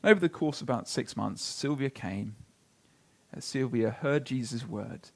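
A pastor with a medium-pitched male voice and vocal fry preaches a sermon. He tells stories earnestly and slows down when reading scripture.

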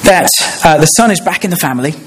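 Man preaching in a measured sermon. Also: on the high side, lively intonation, a little hiss or hum. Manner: measured, explanatory, with frequent "uh" and restarts.

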